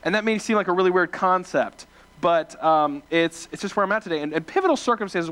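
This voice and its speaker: Young male preacher from small-town Ohio, high voice, animated and filler-heavy storytelling. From small-town Ohio, USA. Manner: animated, self-deprecating, many fillers and restarts. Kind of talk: casual storytelling sermon.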